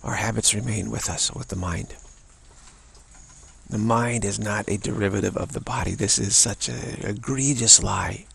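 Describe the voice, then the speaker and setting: A man giving an unscripted spiritual talk, halting and repeating words between pauses. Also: on the low side, a bit bright. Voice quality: gravelly, husky. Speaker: spiritual teacher.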